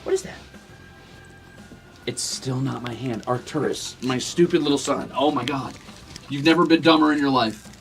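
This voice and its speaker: A man's voice: mid-range voice, moderate pace, pauses often, faint music behind. A young man streaming, talking to and scolding his cats in a playful, teasing way. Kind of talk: casual chat with pets on stream. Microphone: desk mic.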